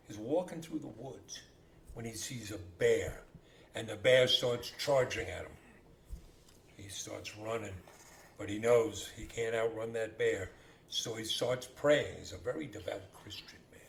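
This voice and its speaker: Unhurried and creaky in a mid-range register, a male co-host swaps jokes on a podcast in easygoing banter. He brings the joke characters to life as an animated storyteller, over a recording with faint hiss and a roomy echo.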